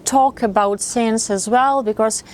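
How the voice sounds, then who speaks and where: Female dating coach with a slightly high voice, instructive and friendly, talking straight to camera. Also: steady tone, measured pace. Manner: friendly and instructive, acts out sample lines. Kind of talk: advice monologue to camera.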